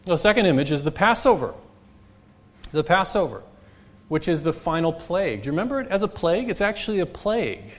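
A man delivers a sermon from the pulpit in a voice pitched a little high. He hammers his points by repeating key phrases. His delivery swings from loud, slow emphasis to quiet asides. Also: sing-song. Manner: preaching with wide swings in loudness and pace. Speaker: pastor.

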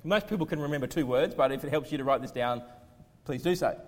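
A preacher doing a blunt shouting counsellor in a reverberant hall. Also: male voice, mid-range voice, fast talker, close to an everyday voice. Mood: matter-of-fact. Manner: brusque, shouting. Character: blunt male counsellor yelling a cure.

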